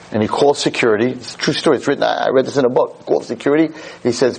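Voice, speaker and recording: A man giving a Jewish lecture, telling a story in an animated, digressive way. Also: mid-range voice, fast talker, creaky, husky, low-quality recording.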